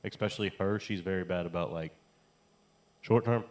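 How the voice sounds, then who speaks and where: A man co-hosting a casual chat podcast, talking in a relaxed, halting way that repeats itself. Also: sits low. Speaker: podcast co-host.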